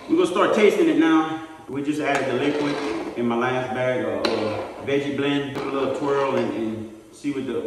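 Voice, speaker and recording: A man hosting a casual cooking demonstration, chatting folksily and straight to the viewers while filming on a handheld phone. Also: medium pitch. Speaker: cook and host. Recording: roomy distant sound, faint background noise.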